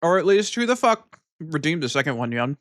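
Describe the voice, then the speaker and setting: A man's voice: on the high side, very animated, no room sound. Loose-talking male streamer, dry sound. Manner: loose, swearing, ends lines with a cat-like "nyan" tic; talks while eating, mumbled and unhurried. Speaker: live streamer. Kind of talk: casual chat with viewers.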